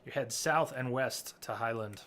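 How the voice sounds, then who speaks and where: A man's voice: medium pitch, moderate pace, pushed and bright, soft background music. A man giving chatty live commentary while streaming a game, talking to his viewers and coaxing his in-game horse. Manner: chatty, talks to chat and coaxes his horse.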